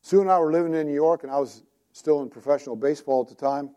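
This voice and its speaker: Mellow-voiced male preacher telling stories. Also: a little high, quick pace. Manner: conversational storytelling with direct questions to listeners. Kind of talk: sermon.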